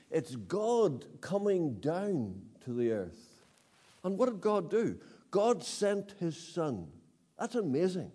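Guy preaching, lots of ups and downs, mellow low-lit voice, keeps repeating words. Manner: emphatic, repeats words, rhetorical questions. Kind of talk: sermon. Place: meeting hall with audience.

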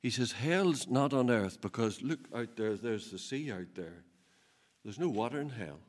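A man preaching a sermon, swinging between loud emphatic peaks and low, quiet asides, with a chuckle now and then. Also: lively intonation, normal speed. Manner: laughs while telling stories.

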